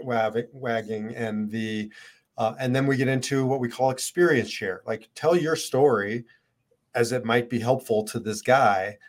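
Podcast co-host guy, reflective and a bit wry, explains stuff. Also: medium pitch. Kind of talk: casual podcast chat.

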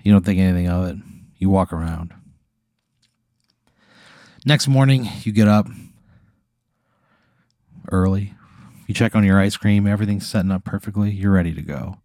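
A man's voice: deep voice, normal speed, long pauses, mellow, no room sound, studio quality. A man hosting a podcast, spinning a laid-back, profane improvised story in the second person. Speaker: podcast host.

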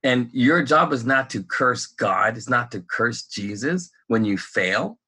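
A man chatting casually on a podcast, his voice bright and forceful with a husky edge. He rambles, restarts his sentences and fills gaps with "you know" and "like". His tone stays animated and loose. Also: medium pitch, a little slow. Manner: laughs often while talking. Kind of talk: casual chat.

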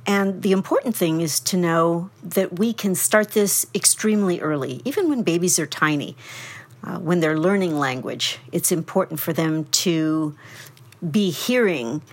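Husky-voiced woman explaining parenting. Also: lowish voice, unhurried. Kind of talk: explanatory podcast talk.

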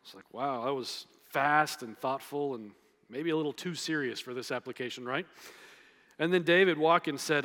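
A man's voice: fairly high pitch, normal speed, fairly bright tone. A man, a pastor preaching a conversational sermon with playful humor and emphatic repetition. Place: church sanctuary. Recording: long reverb of a large hall.

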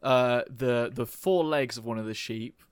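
A tabletop player, given to excitable outbursts. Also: medium pitch, unhurried, smooth. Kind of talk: casual game chat.

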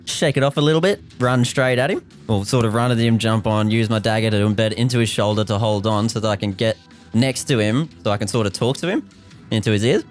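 A man's voice: fairly low pitch, brisk, faint music behind. A man playing a tabletop game, eagerly describing his character's bold moves. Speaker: player. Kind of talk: casual tabletop game play.

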